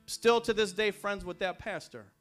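A man preaching a sermon, telling personal stories and building to fervent shouts. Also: high-pitched, moderate pace, soft background music.

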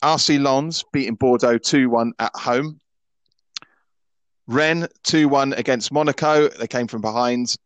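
A man's voice: medium pitch, a little slow, no room sound, muffled recording. A Scottish man in his thirties hosting a football podcast in casual chat. He is opinionated and often stammers and restarts his sentences. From Scotland. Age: 30s.

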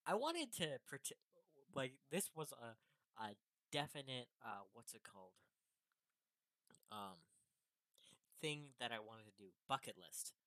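A man's voice: medium pitch, big pitch swings, slow, pauses often, pushed and bright, no echo. Goofy young man on a podcast call. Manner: goofy, jokey, self-deprecating. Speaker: podcast co-host. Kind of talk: casual chat.

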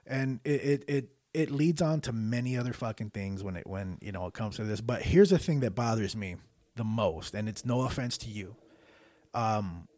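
A man talking as a podcast guest in casual chat, animated, swearing often and retelling jokes with laughs. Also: on the low side, normal speed, no echo.

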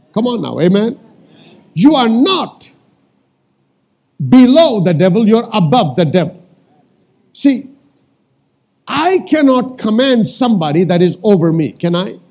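A man preaching a sermon as pastor, calling out to the congregation and repeating lines for emphasis, sometimes shouting commands. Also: extremely high pitch.

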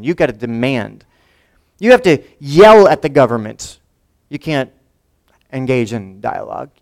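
A male pastor preaching a conversational sermon in a church, often asking his congregation questions. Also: fairly high pitch.

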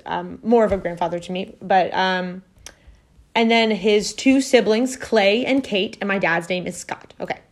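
A woman chats at home on her podcast and tells a family story in a loose, meandering way. She stops to correct herself and fills pauses with ums. Her pitch sits in the middle range for a woman. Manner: rambling, full of fillers and self-corrections. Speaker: podcast host. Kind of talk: casual storytelling.

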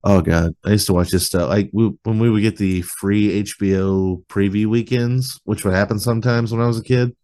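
A man's voice: lowish voice, steady tone, normal speed, few pauses, mellow. A man hosting a podcast, chatting casually and jokingly, swearing freely as he rambles. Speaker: podcast host. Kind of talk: casual chat.

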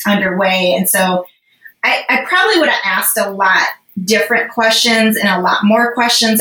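A woman's voice: medium pitch, pushed and bright. A woman guest on a podcast, telling a personal story in a casual, rambling way with lots of fillers. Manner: rambling, emotional, heavy on fillers. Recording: roomy echo.

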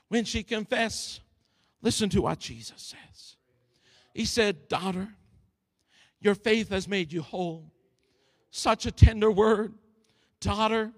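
A man preaching a sermon in a slow, deliberate cadence. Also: very high-pitched, a bit bright. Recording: long reverb of a large hall.

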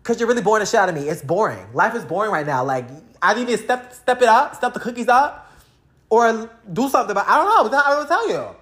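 Her voice is a little high, sing-song and fairly bright, and she talks quickly. As a vlogger, she rants straight at her viewers in a loose, outspoken way, heavy on profanity and slang.

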